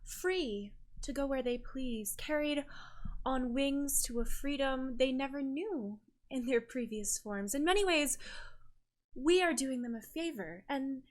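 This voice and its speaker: A woman voicing a serene, sinister leader of an island sisterhood, honeyed and quietly menacing. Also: sits high, measured pace, voice pushed up. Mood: serenely menacing.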